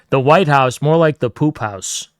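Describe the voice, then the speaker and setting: A man's voice: a little high, takes it slowly, dry recording, studio quality. A man hosting a livestream, ranting casually with heavy swearing and mock-grandiose taunts. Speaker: livestream host. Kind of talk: casual streaming rant.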